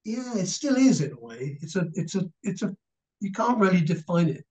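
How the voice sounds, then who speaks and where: An English man in his sixties, a guest actor telling animated stories and laughing through an interview. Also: sits high, moderate pace. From England. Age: 60s. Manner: animated storyteller, laughing, mimicking others. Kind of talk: casual anecdotal interview. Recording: dull lo-fi recording.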